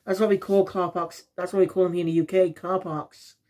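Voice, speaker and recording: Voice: mid-range voice, little pitch movement, a little fast, mellow. A reviewer from South Wales, talking in a rambling, casual way and often losing the thread.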